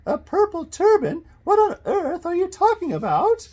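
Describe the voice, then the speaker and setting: A man voicing a suspicious, snappish elderly woman on the phone in a quavering falsetto. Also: wildly swooping pitch, normal speed, darkish tone, lo-fi sound, full character voice. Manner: high-pitched, snappish. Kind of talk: audiobook character voice.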